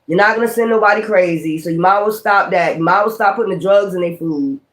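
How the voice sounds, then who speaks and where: Male tarot streamer with a high voice, delivering a profane, confrontational rant full of repetition. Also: fast, a bit bright. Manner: profane, confrontational, repeats himself. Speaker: tarot reader. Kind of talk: livestream rant.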